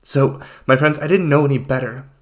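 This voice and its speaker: A man's voice: mid-range voice, a little fast. A man hosting a podcast, talking without a script in an earnest, emphatic way and calling his listeners friends. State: getting emotional. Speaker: podcast host. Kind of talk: unscripted heartfelt monologue.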